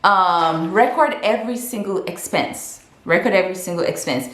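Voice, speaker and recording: Brief: young woman from Africa, frank chatty vlogger, lowish voice, roomy echo. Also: moderate pace, a bit bright. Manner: frank, chatty, lots of fillers and restarts. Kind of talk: casual advice vlog.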